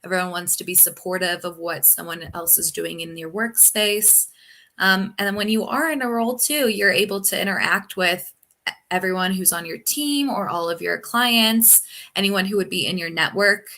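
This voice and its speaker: A woman's voice: lowish voice, normal speed, sharp tone. A young woman, a technical recruiter, chatting on a live video call interview with lots of ums and you-knows. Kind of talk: casual live-stream interview.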